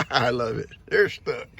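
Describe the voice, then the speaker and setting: A man's voice: medium pitch, big pitch swings, slow pace, creaky, bright, forceful tone, breathy edge. A man, chatting and teasing his goats outdoors on a farm in a playful, chuckling way. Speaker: farm video host. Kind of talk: casual talk to his animals.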